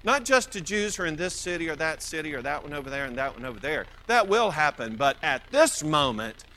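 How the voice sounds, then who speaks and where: Animated Mississippi preacher, high and bright. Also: male voice, poor audio. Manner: animated, poses rhetorical questions and answers them. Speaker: Bible teacher. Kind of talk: expository Bible teaching.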